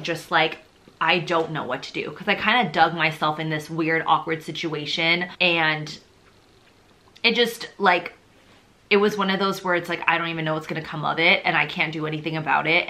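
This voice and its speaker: A woman's voice: low voice, bright, forceful tone. A young woman telling her personal faith testimony in a casual, rambling way, full of fillers and open emotion. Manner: chatty and rambling, heavy on fillers like "like" and "you know"; openly emotional, confessional.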